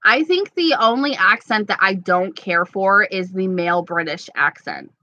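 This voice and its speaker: A woman's voice: mid-range voice, lively intonation, moderate pace, pushed and bright, no echo, lo-fi sound. A woman from New York, chatting casually and giggling as she rambles through viewer comments as a beauty vlogger. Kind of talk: casual live chat reading comments.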